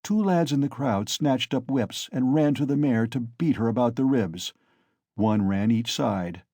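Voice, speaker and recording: A male narrator reads a classic novel aloud in a measured, steady voice of middle pitch. The recording is dry and close, with no room echo. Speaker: audiobook narrator.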